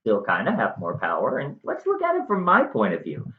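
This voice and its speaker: Smug husband , put on by a man, higher and breezy, muffled echoing sound. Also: huge pitch swings, brisk. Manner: raised pitch, breezy and condescending. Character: smug, self-serving young husband. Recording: roomy, slightly muffled room sound.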